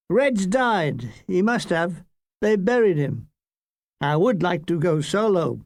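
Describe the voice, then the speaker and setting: A man's voice: high-pitched, dry recording. Older man reading his memoir, wryly. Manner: dry, wry comic delivery. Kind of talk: audiobook memoir narration.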